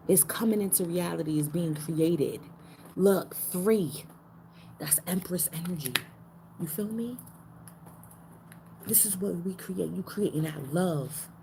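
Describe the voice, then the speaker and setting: A woman giving a casual spiritual card reading, talking in slang and repeating her phrases, her pitch jumping up now and then for emphasis. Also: lively intonation, slow pace, long pauses, warm tone, a little hiss or hum, rough recording.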